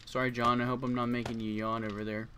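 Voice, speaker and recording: Young man, tired casual game commentary, mid-pitched voice, keyboard clicks audible. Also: little pitch movement, quick pace, sharp tone, a little hiss or hum. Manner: tired, yawning, chatting to viewers. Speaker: gaming streamer. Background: keyboard clicks and typing.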